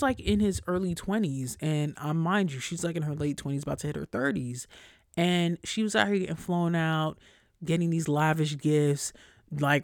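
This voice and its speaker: A young adult podcast host in a casual solo monologue, blunt and slangy with lots of swearing, whose voice climbs high and loud when worked up. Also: no echo, clean studio sound.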